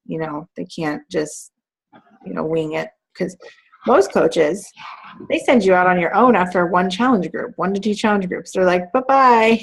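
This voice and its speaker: A woman's voice: fairly low pitch, normal speed, creaky, breathy edge. A woman in her thirties, a fitness team coach, chatting casually on a team call with many fillers and laughs.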